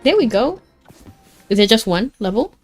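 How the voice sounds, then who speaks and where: A woman's voice: on the high side, big pitch swings, normal speed, soft background music. A young woman chatting casually while she streams a fantasy game. She keeps filling her sentences with "like" and reacts openly to the story as it unfolds. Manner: chatty, peppers speech with "like", reacts emotionally to the story.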